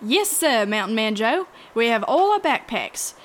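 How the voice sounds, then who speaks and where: An actress playing a prim, proper park ranger. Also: female voice, fairly high pitch, very animated, measured pace, a little hiss or hum.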